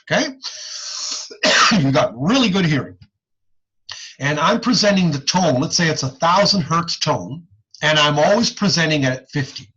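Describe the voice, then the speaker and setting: Man, online lecturer, folksy, lively pitch, husky, somewhat high voice, muffled recording. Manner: animated, folksy teaching with frequent "okay?" checks. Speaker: audiology lecturer.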